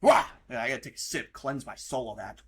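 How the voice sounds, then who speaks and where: A man's voice: medium pitch, quick pace, a bit bright, breathy edge. A young American man in his twenties hosting a casual podcast, ranting heatedly about college football and mocking teams with plenty of swearing. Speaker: podcast host. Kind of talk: casual sports rant.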